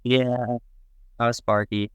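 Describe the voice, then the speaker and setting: A man guesting on a podcast, walking through his trade in a laid-back, practical way. His voice is smooth and clear, picked up dry and close. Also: mid-range voice, level tone, takes it slowly, a bit bright, no echo. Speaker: podcast guest, boat builder. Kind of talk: casual podcast conversation.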